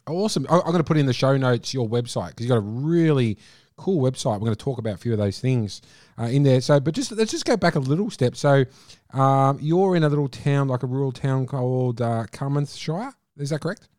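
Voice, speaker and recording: A man with an Australian accent hosting a podcast, animated and enthusiastic as he asks questions. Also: medium pitch, brisk, no echo, studio quality. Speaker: podcast host. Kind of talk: casual interview talk.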